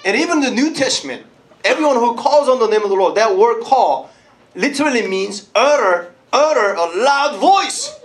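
High-voiced, lively preacher man. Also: normal speed. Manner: lively, calls out to the congregation and laughs often. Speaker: pastor. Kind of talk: sermon.

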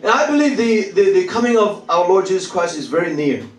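A man's voice: sits high, very animated, brisk. A male pastor preaching a sermon, emphatic and repetitive, often laughing and calling on the congregation to answer. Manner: emphatic, repeats phrases, laughs often, calls for replies. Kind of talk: sermon with call-and-response. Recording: echoey church hall, voice from a distance.

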